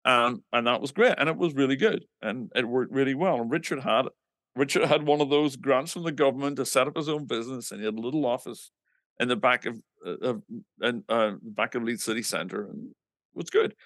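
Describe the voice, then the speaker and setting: A man's voice: mid-range voice, brisk, a bit bright, no room sound, studio quality. A man from England casually telling stories about his band, animatedly acting out quoted dialogue and swearing now and then. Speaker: musician recounting his band's history. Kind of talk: casual anecdotal storytelling.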